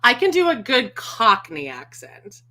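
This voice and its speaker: Bright-voiced chatty woman podcast host. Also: a little high, huge pitch swings, measured pace. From Canada. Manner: chatty, swears freely, laughs often. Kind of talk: casual chat.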